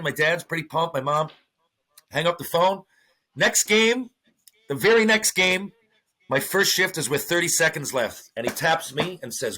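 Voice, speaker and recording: A middle-aged man, a former hockey player, telling stories as a podcast guest in a lively, profane way, acting out what others said. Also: a little high, moderate pace. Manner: animated storyteller, swears freely, acts out quotes. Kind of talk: casual storytelling interview.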